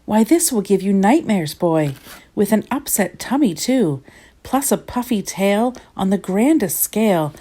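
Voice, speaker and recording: A woman's voice: mid-range voice, expressive, unhurried, warm tone. A woman voicing a fussy, firm mother cat who scolds her son. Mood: scolding. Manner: scolding, drawling.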